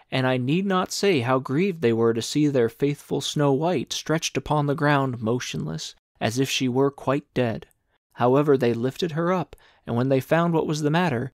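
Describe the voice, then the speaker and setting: A man reads a classic fairy tale aloud in a measured, clear storybook manner. His voice sits in a middle register. The sound is dry and close, with no room around it. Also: mid-range voice, no room sound. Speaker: audiobook narrator. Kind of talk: storybook read-aloud narration.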